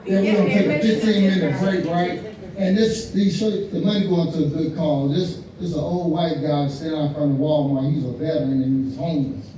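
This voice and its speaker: An older man telling a stand-up comedy story, animated and laughing at his own punchlines. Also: fairly high pitch, fairly quick, crowd noise. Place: American Legion hall, live show. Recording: echoey hall, mic heard from far.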